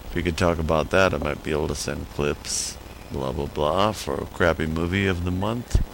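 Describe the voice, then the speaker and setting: Deep-voiced man calling from a car. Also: steady tone, moderate pace, vocal fry, a little hiss or hum. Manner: casual, joking. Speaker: caller. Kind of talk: voicemail message.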